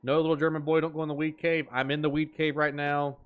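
A man's voice: on the high side, flat delivery, quick pace, smooth, phone-quality sound. A man streaming a game, joking and riffing in playful banter with his chat. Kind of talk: gaming stream commentary.

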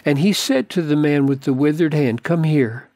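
An older man, a pastor, giving an earnest, deliberate Bible commentary and stretching key words for emphasis. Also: on the high side, darkish tone, no echo, clean studio sound.

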